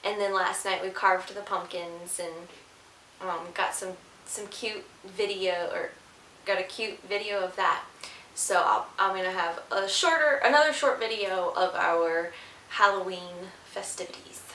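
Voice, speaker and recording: Young woman, mother vlogging, tired, chatty, fillers, medium pitch, roomy echo. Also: a little slow, bright, forceful tone. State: sleep-deprived. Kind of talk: casual chat to camera. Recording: echoey room with faint hiss.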